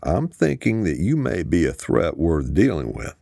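Guy reading a cagey colonel, calm and measured, super deep voice, dry sound. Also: vocal fry, husky, dry recording, heavily acted. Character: stern gruff male colonel, guarded.

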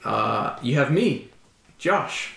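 A young man hosting a podcast, chatting casually in a loud, joking way and laughing often. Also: medium pitch, animated, drawn-out words, creaky. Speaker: podcast host. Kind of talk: casual chat. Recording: echoey room, faint background noise.

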